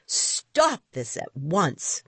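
A stern mother scolds her two boys, as a woman reads her lines. Her husky, low voice stays firm. The reading sounds dry and close. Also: huge pitch swings, extremely slow, fairly bright tone, no room sound, full character voice. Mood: stern angry.

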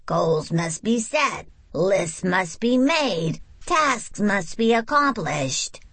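A woman's voice: medium pitch, big pitch swings, slow, a bit bright, husky, dry recording, voice pushed up, heavily acted. A woman reader voicing a bossy, strict sister who speaks in clipped, commanding orders. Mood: stern.

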